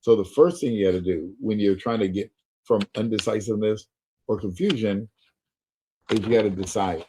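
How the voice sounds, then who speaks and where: A man's voice: on the low side, steady tone, normal speed, dark tone, slight background noise, rough recording. A middle-aged man teaching sales in a webinar, talking emphatically, repeating key points and checking in with his listeners. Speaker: sales trainer.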